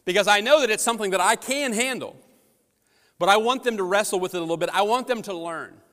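A man preaches a sermon on a microphone, slipping from easy storytelling into strong, emphatic rises. His voice sits a bit high for a man. The sound carries a long reverb from a large church hall. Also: quick pace, a bit bright. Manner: storytelling, conversational with rising emphatic peaks. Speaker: pastor. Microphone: handheld or headset microphone.

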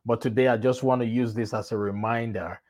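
A man's voice: medium pitch, steady tone, fairly quick, a little mellow. A man giving a motivational talk, telling a fable and repeating key phrases for emphasis. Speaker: motivational speaker.

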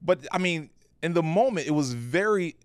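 A man, a pastor co-hosting a podcast, telling a personal story in an earnest, animated way with frequent restarts. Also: on the high side, normal speed, no echo, studio quality. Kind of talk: casual podcast conversation.

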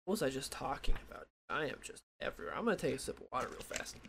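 A man's voice: medium pitch, big pitch swings, rapid-fire, gravelly, noisy background. A tired young man rambling casually through a comic book review late at night, losing his train of thought and filling gaps with "like" and "uh.". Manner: rambling, loses track, many fillers.

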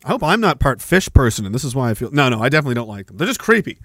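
A man hosting a podcast, rambling through a profane, animated rant, swearing and chuckling, swinging from loud bursts to low mutters. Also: rapid-fire, dry recording, studio quality. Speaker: podcast host.

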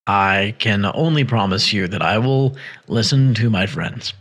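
A man's voice: lowish voice, unhurried, a bit bright, slightly rough. A man playing a tabletop game, blunt and dry-humored. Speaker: player. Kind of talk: casual tabletop game play.

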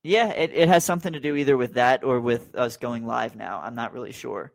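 A man's voice: mid-range voice, fairly quick, creaky. A man hosting a casual sports podcast, talking in an easygoing way as he wraps up the show. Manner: easygoing, brings the show to a close. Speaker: podcast host.

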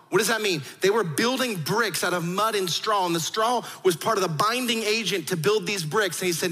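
High bright-voiced male pastor preaching. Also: fairly quick, hardly any pauses, big-room sound, faint music behind. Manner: animated storytelling, acts out quoted voices. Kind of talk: sermon.

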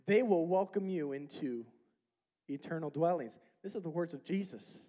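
A pastor preaching a sermon, reading scripture aloud and asking the congregation questions, building to loud, emphatic passages. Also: male voice, expressive, slow, pauses often. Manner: emphatic preaching that rises to loud, high peaks; quotes and explains scripture with rhetorical questions.

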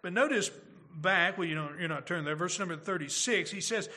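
Male pastor, high bright voice, earnest preaching with rhetorical questions. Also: a little fast, few pauses. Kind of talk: sermon.

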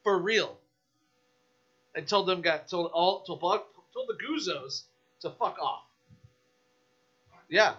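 A man guesting on a podcast, telling a story in a casual, animated, profane rant. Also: high-pitched, slow pace, long pauses, husky, highs cut off.

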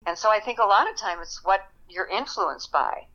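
An older actress reminiscing in an interview, animated and quick to laugh. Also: female voice, medium pitch, lo-fi sound. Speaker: actress guest. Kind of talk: interview storytelling.

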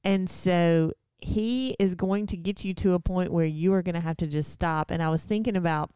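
Woman co-host, deep mellow voice, chatty and reflective, dry mic. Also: moderate pace, clean tone, no room sound. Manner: chatty, reflective, many restarts. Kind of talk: casual chat.

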